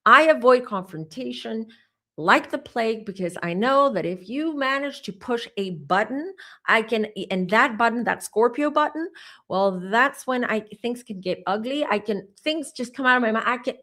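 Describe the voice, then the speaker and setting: A woman in her forties hosting a psychic channel, telling a personal story in a chatty, animated way with asides to her viewers. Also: fairly high pitch, normal speed. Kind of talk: casual storytelling to camera.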